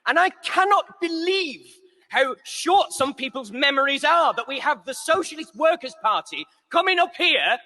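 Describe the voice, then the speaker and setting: High, bright, impassioned man. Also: animated, normal speed. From Croydon, England. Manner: impassioned, angry, repeats lines. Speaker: conference delegate. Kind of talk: political conference speech. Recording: reverberant conference hall.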